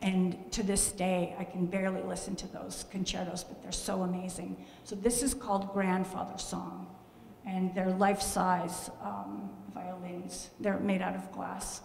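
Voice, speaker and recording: A woman artist from Canada tells lively, self-mocking stories about her work in a gallery talk. Her voice has a gravelly, fry-tinged edge. It rings out through a roomy hall with a long reverb tail. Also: lowish voice, unhurried, a little hiss or hum. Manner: animated storytelling, exclaims and jokes at herself. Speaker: glass artist giving a talk.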